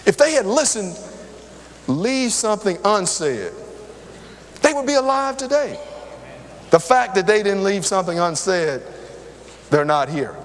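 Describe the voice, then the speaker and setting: Older preacher, high lively voice. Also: male voice, unhurried, pauses often. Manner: lively, conversational, talks straight to the crowd. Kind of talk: sermon with personal stories. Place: church hall. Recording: long hall reverb.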